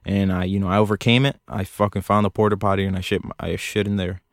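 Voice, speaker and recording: A man's voice: sits low, flat delivery, fast talker, dry recording, clean studio sound. A young man hosting a solo podcast from a closet, rambling in a profane, self-mocking, jokey way. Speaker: podcast host. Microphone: close studio mic.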